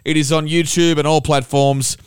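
A man's voice: fairly high pitch, little pitch movement, moderate pace, clear, resonant tone, no room sound, studio quality. A man hosting a music podcast, enthusiastic and chatty. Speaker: podcast host. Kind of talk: upbeat podcast intro and interview.

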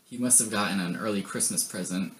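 A man's voice: fairly low pitch, brisk, fairly bright tone, slight background noise. Young guy podcast host reading history bits, jokey and rambly. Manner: joking, rambling asides. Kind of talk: casual chat and reading history facts.

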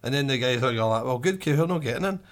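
Glaswegian man, young, animated pitch, sweary casual storytelling. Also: fast talker. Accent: Glaswegian Scottish. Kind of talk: casual chat.

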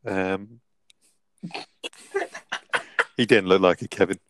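A man's voice: low-pitched, fairly even intonation, slow pace, no room sound. A young man casually telling a rambling anecdote as podcast co-host, laughing often. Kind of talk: casual storytelling.

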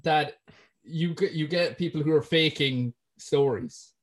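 A man's voice: fairly high pitch, measured pace. An Irish man hosting a casual interview, rambling a little as he reads out listener questions. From Ireland. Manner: rambling, many fillers and restarts. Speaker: podcast host.

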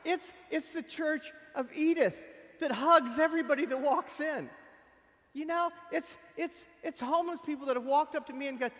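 A middle-aged man, a pastor preaching at a memorial service, telling a story with animated swings from loud emphasis to quiet. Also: very high voice, normal speed. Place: church sanctuary. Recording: long reverb of a church hall.

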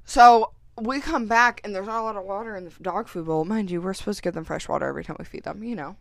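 A woman's voice: mid-range voice, fast, gravelly. A woman co-hosting a casual podcast, ranting with heavy swearing. She tells stories by acting out what others said. Her voice sounds dry and close, with no room echo. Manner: profane, animated storytelling with quoted voices. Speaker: podcast co-host.

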